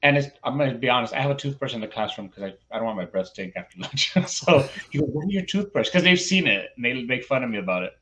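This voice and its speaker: A man's voice: mid-range voice, lively intonation, fast talker, hardly any pauses, sharp tone. A male teacher telling a classroom story with animation, acting out bits of dialogue, with many fillers and restarts. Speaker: teacher, podcast guest. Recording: lo-fi, muffled audio.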